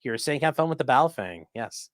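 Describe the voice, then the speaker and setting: A man's voice: mid-range voice, lively intonation, normal speed, no room sound, clean studio sound. A man hosting a casual livestream, chatting loosely and reading viewer comments aloud. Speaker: livestream host reading chat.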